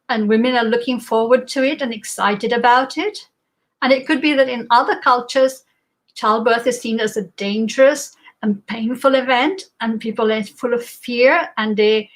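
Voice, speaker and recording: A woman's voice: fairly high pitch, fairly bright tone, poor audio. Reflective woman giving a spiritual talk. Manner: reflective, with many pauses and fillers. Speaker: guest speaker.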